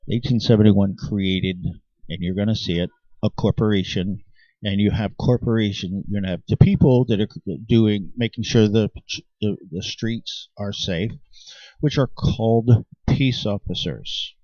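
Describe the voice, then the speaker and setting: A man's voice: fairly low pitch, unhurried, mellow, dry recording. A man delivering an impassioned, insistent monologue to his viewers, often restarting his sentences. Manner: emphatic and insistent, with frequent restarts. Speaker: channel host. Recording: dry, dull lo-fi sound.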